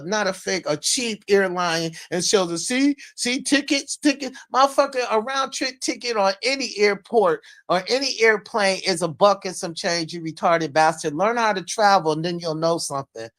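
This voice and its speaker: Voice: medium pitch, moderate pace, hardly any pauses, fairly bright tone. Heated live-stream ranter. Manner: heated, profane, repetitive insults. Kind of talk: unscripted live-stream rant. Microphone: streaming microphone.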